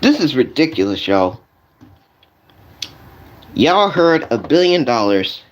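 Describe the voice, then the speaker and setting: A man's voice: medium pitch, takes it slowly, highs cut off. A man streaming live, ranting in a comedic way to his chat, repeating his points and calling out his audience directly. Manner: animated, repetitive, addresses the audience directly.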